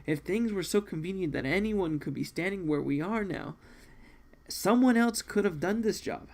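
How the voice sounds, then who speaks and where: Guy reading as a stern exiled killer, grave and formal, kinda high voice. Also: animated, moderate pace, darkish tone. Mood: grim. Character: weary exiled male assassin, stern and proud. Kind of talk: manga read-along voice acting.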